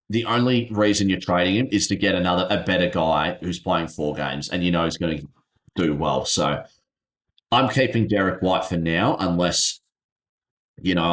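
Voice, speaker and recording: A man hosting a casual solo fantasy basketball review, rambling and thinking aloud as he checks stats. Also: on the low side. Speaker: fantasy basketball channel host.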